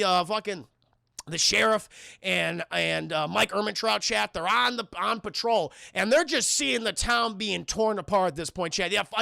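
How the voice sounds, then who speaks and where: A young man recaps a film for his live-stream chat, swearing often and wandering off into asides. His voice sits high and gravelly, with a bright, forceful edge. He sounds close to a dry desk mic. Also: dry recording. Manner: profane, rambling, constantly addressing chat.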